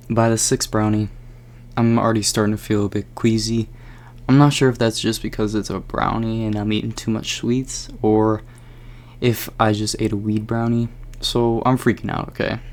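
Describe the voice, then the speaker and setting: A young man telling a personal story in a casual vlog, rambling with lots of fillers. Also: lowish voice.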